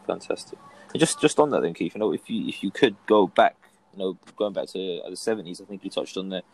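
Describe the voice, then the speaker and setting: A man's voice: low voice, lively intonation, fast, darkish tone, rough recording. A man co-hosting a podcast asks a guest long, meandering questions. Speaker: podcast co-host. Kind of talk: podcast interview.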